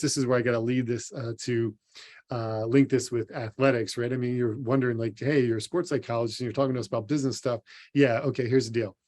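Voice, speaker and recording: A man's voice: medium pitch, a little mellow. A man, a sports psychologist, giving an earnest motivational conference talk and speaking straight to the listener. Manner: earnest, direct, addresses the listener as "you". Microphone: recorded for an online symposium.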